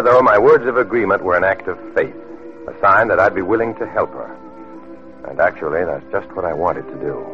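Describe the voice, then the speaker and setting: An actor playing an undercover agent who narrates a 1950s radio drama in a brisk, earnest way. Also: male voice, low voice. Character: wry undercover male agent. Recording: dull lo-fi old radio recording.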